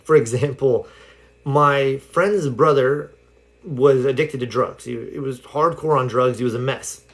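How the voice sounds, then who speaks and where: A man's voice: medium pitch, unhurried. A man giving a casual self-help talk on a livestream, telling stories loosely with lots of "like" and "you know". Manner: rambling storytelling with many fillers. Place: home livestream.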